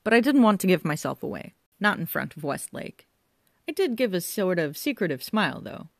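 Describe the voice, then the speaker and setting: A man's voice: high-pitched, sing-song, brisk, gravelly, dry recording, clean studio sound, voice pushed up, full character voice. A woman doing a bemused young guitarist. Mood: sheepish. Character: puzzled young male rock guitarist. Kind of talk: audiobook character voice.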